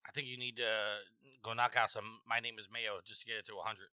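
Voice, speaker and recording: A man's voice: medium pitch, little pitch movement, fast, sharp tone, no room sound. A man hosting a casual podcast chat, joking while eating. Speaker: podcast host.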